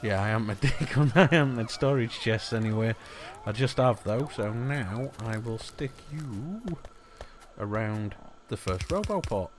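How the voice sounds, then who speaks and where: A man's voice: mid-range voice, expressive, measured pace. A man giving casual gameplay commentary as a let's play host, chatty and muttering asides to the objects on screen.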